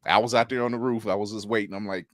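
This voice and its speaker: A man's voice: lowish voice, steady tone, quick pace, a bit bright, no echo. A man co-hosting a podcast, joking around in casual chat and giggling often. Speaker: podcast co-host.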